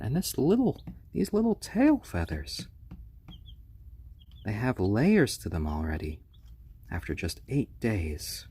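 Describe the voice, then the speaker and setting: A man hosting a casual live stream, talking softly and fondly to baby chicks, with relaxed, halting speech full of fillers. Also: lowish voice, breathy edge. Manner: soft, fond cooing to baby birds. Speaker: live-stream host showing pet chicks.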